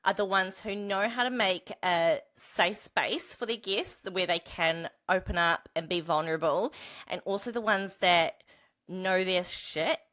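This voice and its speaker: A woman's voice: fairly low pitch, unhurried, a bit bright. A woman hosting a casual podcast interview, asking open questions and listening closely. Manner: attentive, asks open questions.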